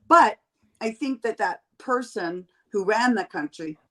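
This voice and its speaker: A woman's voice: mid-range voice, unhurried. Blunt, profane middle-aged woman from Canada. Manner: blunt and profane, animated storytelling. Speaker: podcast guest. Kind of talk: casual chat.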